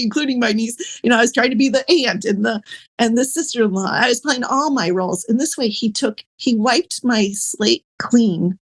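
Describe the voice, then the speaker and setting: A woman, a podcast guest, telling her personal story in a candid, rambling way, full of fillers and soft laughs. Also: on the high side, normal speed.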